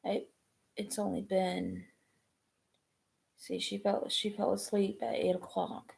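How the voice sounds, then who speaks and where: A woman, chatting casually on a live stream, rambling and halting with many ums and restarts. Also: mid-range voice, flat delivery, vocal fry, a little mellow. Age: 20s.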